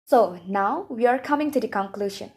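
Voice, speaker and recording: A woman's voice: on the high side, normal speed, a little mellow, breathy edge. A young woman, a student whose first language is Indonesian, reading her class presentation aloud from a script in a careful way.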